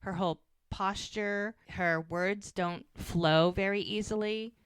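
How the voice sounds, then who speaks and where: A woman's voice: mid-range voice, fairly even intonation, slow, clean tone, no echo. A woman co-hosting a podcast, casually recapping a TV episode and quoting the characters' lines as she goes.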